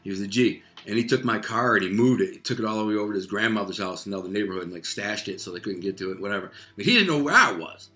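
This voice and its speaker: Bright-voiced man telling a gritty story. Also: lowish voice, rapid-fire, hardly any pauses. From Detroit, United States. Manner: vivid, animated retelling peppered with "man" and "like". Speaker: interview guest telling a life story. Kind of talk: casual spoken storytelling.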